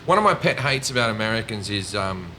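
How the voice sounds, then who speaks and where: A man's voice: on the low side, big pitch swings, fast, bright, forceful tone, slight background noise. A man with an Australian accent, a comedian chatting casually and telling stories, swearing and mimicking people. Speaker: comedian guest. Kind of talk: casual chat.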